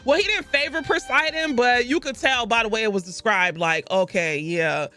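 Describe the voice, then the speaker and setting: Chatty book-club vlogger with a bright voice. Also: medium pitch, moderate pace. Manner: chatty and rambling, with self-corrections and asides. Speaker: book club video host. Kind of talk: casual book recap.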